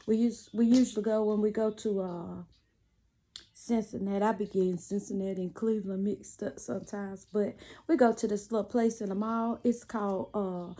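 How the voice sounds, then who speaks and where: A woman's voice: mid-range voice, fairly even intonation, normal speed, warm tone. A woman chatting casually to camera from a small cluttered room at home, giving sassy, preachy relationship advice while she laces shoes. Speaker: vlogger.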